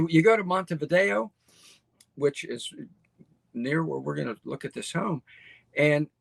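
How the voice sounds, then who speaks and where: A man's voice: a little high, creaky, a bit bright, husky, no echo. A middle-aged man hosting a show, talking casually and enthusiastically as he walks viewers through a listing on screen, often tagging lines with "okay?" and repeating himself. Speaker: host. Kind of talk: casual screen-share presentation.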